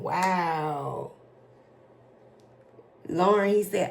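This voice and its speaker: A woman doing a casual tarot reading for her viewers, slowly reading out card messages and reacting to them. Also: fairly low pitch, gravelly, slight background noise. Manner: slow, drawn-out, reads card text aloud then reacts emotionally. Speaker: tarot reader.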